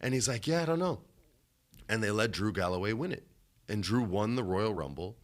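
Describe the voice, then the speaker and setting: A young man co-hosting a podcast, telling a story in casual chat and swinging between loud bursts and low asides. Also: lively intonation, a little fast. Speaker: podcast co-host.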